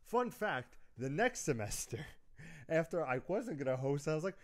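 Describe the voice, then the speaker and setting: A man's voice: on the high side, sing-song, moderate pace. Young guy telling wild improv-style stories, laughs a lot, casual podcast chat. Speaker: podcast co-host.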